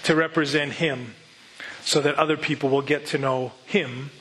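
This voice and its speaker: A man's voice: fairly high pitch, fairly even intonation, normal speed, sharp tone, slight background noise, low-quality recording. A male pastor preaching a sermon, telling the story earnestly and asking rhetorical questions.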